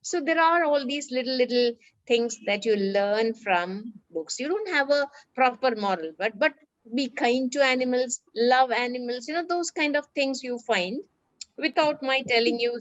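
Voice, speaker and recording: Animated woman reading stories to children. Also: a little high, normal speed, no room sound, low-quality recording. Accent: Indian English. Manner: animated, acts out characters' lines. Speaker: storyteller reading to schoolchildren. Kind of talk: reading a story aloud to a class.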